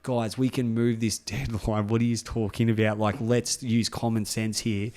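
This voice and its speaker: A man's voice: on the low side, moderate pace. A man co-hosting a casual podcast, telling a story with lots of swearing and laughter. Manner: animated, swearing, laughs through his story. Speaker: podcast co-host.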